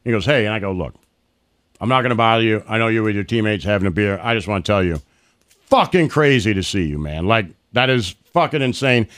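A man's voice: on the low side, lively intonation, brisk, a bit bright. A middle-aged man hosting a casual podcast, telling profane stories and acting out the quotes. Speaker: podcast host. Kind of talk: casual storytelling chat.

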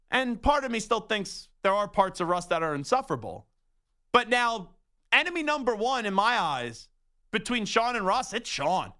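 A man's voice: high voice, pushed and bright. A young man hosting sports radio, ranting with emphatic rhetorical questions. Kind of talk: opinionated sports talk monologue.

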